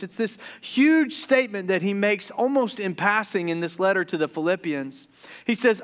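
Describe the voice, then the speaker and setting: A young man from the Deep South preaches to his congregation, mixing jokes into the sermon. His voice sits high and sounds smooth and clear. He gets excited and trips over his words, then restarts. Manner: joking, excitable, stumbles and restarts when excited. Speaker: pastor.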